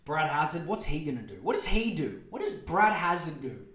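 A man's voice: fairly high pitch, very animated, normal speed, a bit bright. An Australian man hosting a comedy podcast, ranting and rambling with lots of swearing as he hands out mock advice. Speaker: podcast host. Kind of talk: comedic rant. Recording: roomy echo.

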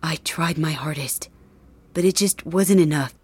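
A woman doing a calm young illusionist. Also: low voice, measured pace, husky, no echo. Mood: apologetic. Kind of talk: audio drama role-play.

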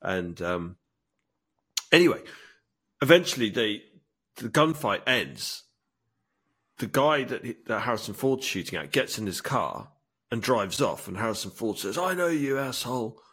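Animated man retelling a film. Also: lowish voice, a little slow, pauses often, husky. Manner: enthusiastic storytelling, acts out film lines. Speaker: podcast co-host. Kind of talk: casual chat.

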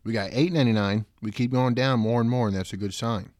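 A young man talks into a close, dry mic with a medium-pitched voice. He rambles and swears, then jumps into loud cries of disbelief. It sounds like a casual solo podcast. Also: fast, no echo. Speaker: podcast host.

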